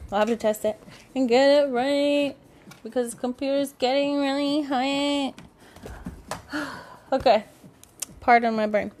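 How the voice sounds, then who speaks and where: A woman with a slightly high voice rambles through a casual solo podcast, chatty and candid. She swears freely and laughs at herself as she goes. Faint music sits behind her. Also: darkish tone. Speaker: podcast host; parent.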